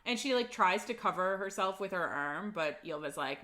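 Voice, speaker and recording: The woman's voice is on the low side, sharp in tone and expressive, moving at a moderate pace with hardly any pauses. As co-host of a laid-back book-club podcast, she recaps the story loosely, peppered with "like" and occasional swearing.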